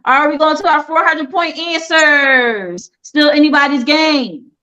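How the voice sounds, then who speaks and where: Slow, playful woman hosting a quiz. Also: high voice, bright, forceful tone, lo-fi sound. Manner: playful, teasing contestants. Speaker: game show host.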